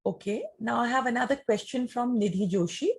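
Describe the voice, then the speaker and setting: A woman gives a talk and answers audience questions in a measured, explanatory way, often using rhetorical questions. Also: a little high, creaky, husky.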